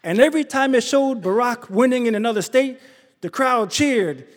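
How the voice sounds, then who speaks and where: Animated New man telling a story on stage. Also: moderate pace. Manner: animated, acts out quotes with big pitch jumps. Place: theater stage before an audience. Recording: live stage recording with hall reverb.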